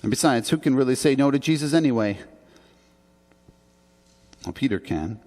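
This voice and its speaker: A man's voice: mid-range voice, expressive, normal speed, darkish tone. A man preaching a sermon as a pastor, in an earnest, conversational way with emphatic rises on key points. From Canada. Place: church sanctuary. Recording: long church reverb.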